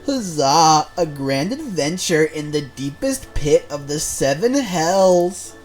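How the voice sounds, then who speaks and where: A man's voice: a little high, sing-song, takes it slowly, faint music behind. A man voicing a pompous, theatrical male inspector, reading game lines in a bombastic, declamatory way.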